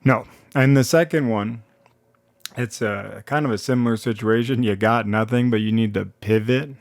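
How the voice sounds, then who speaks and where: A man telling a comedic story in a rambling, animated way, often interrupting himself. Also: medium pitch, normal speed, vocal fry, no echo, clean studio sound. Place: now living in Colorado.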